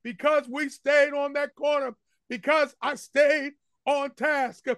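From the pulpit of a church sanctuary, a senior pastor with a very high, slightly bright voice preaches slowly with little pitch movement. He hammers his points with repeated refrains and trades call-and-response with the congregation. There's no room sound, just a close, dry capture.

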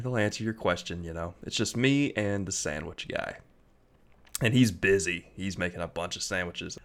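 A man co-hosting a casual podcast, telling a story in a relaxed way and laughing as he goes. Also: on the low side. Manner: laid-back, laughs while telling stories. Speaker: podcast co-host.

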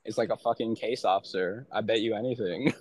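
A man's voice: lowish voice, a little fast, a little mellow, no room sound, clean studio sound. A young man and former aid worker chatting casually as a podcast guest, rambling with many filler words and frequent swearing. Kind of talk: casual chat.

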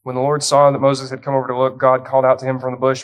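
A young youth pastor delivers a sermon in a mid-pitched voice. He tells the story with light humor and reads the scripture with dramatic weight. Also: flat delivery, fast talker, hardly any pauses, low-quality recording.

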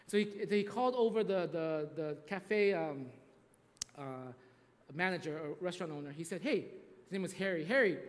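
A man's voice: sits high, long reverb tail. A man preaching a sermon, telling a story in a conversational way with frequent restarts and tag questions. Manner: conversational, repeats "right?", restarts often. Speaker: pastor.

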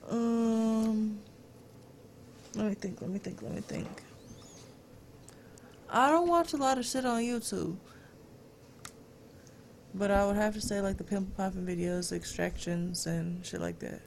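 A woman's voice: medium pitch, unhurried, gravelly, pauses often, a little mellow, slight background noise. Laid-back, frank woman co-host. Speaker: podcast co-host. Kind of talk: casual chat.

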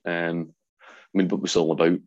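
Deep gravelly glasgow guy, 40s, husky, chatty storyteller, lots of ums. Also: moderate pace, muffled recording. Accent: Glaswegian Scottish. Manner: animated storyteller, acts out quotes, frequent ums. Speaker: guest, ex-soldier. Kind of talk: storytelling in an interview.

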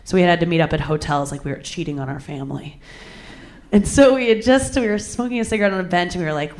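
A woman's voice: on the low side, expressive, quick pace, a little mellow. A young woman telling a crude personal story with candid, self-mocking humor, laughing often.

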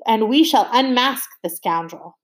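A woman voicing a calm, dignified male butler who speaks formally and politely in a storybook reading. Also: on the high side, a little slow. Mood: composed.

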